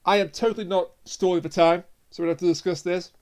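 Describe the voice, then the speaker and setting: A podcast host talking casually with a co-host. The voice sits at a middling pitch. Speech is jokey and tumbles out with restarts and stumbles. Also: steady tone, fast talker, darkish tone. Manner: jokey, laughs a lot, trips over words.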